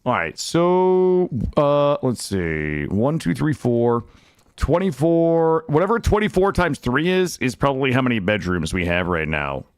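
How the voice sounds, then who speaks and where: A young man streams his game and talks it through for viewers, animated, cursing freely and chatting away. He has a medium-pitched, resonant, clear voice and an unhurried pace, recorded at studio quality on a desk mic with no room sound.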